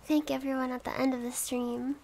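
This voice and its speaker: High-voiced giggly woman streamer. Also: flat delivery, a little fast, creaky, darkish tone. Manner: giggly, thanks subscribers one by one. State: has the hiccups. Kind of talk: casual livestream chat.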